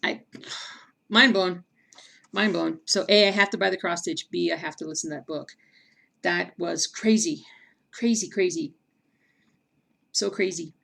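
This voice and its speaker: A woman hosting a casual livestream chat, reading viewer comments aloud between bursts of excitement. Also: lowish voice, measured pace, creaky, pauses often. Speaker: stream host.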